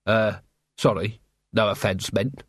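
A man's voice: on the low side, level tone, slow, fairly bright tone, dry recording, pitched below the performer's own voice, heavily acted. Man doing a dry, muttering, cynical middle-aged captain. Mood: world-weary. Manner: dry, world-weary, muttering.

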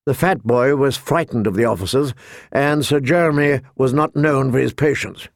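A man narrating an audiobook in a slow, measured reading. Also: medium pitch, gravelly, no echo, clean studio sound.

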